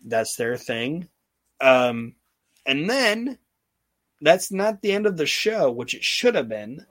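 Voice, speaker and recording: A man's voice: on the high side, sing-song, takes it slowly, a bit bright, no echo. A male podcast host recapping old wrestling shows in casual, profanity-laced storytelling.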